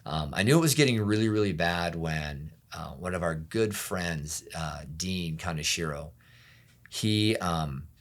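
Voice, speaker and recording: Man, pastor, very deep voice, middle-aged, soft candid storytelling, interview. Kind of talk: personal testimony interview.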